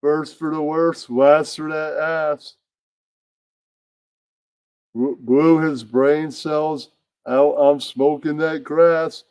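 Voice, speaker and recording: A man's voice: a little high, fairly even intonation, drawn-out words, pauses often, a little mellow, clear, resonant tone, dry recording. A man doing a brash, taunting heckler. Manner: taunting, rhyming insults. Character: brash loudmouth male heckler rapping insults. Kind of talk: puppet comedy skit.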